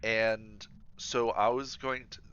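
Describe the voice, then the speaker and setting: A man's voice: lowish voice, level tone, slow pace, fairly bright tone, clean tone. A man streaming a game, chatting casually and rambling with many fillers and restarts. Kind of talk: casual chat while gaming. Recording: slightly dull livestream audio.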